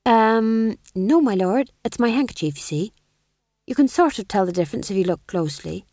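A woman's voice: mid-range voice, lively intonation, normal speed, dark tone, no echo, studio quality, pitched above the performer's own voice. A woman voicing a nervous, loyal male court jester in an audiobook, quavering, timid and apologetic. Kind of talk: audiobook character voice.

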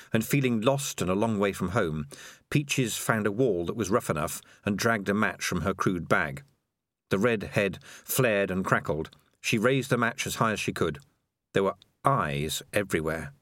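Male audiobook narrator, expressive and measured, dry booth sound. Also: sits low, dry recording.

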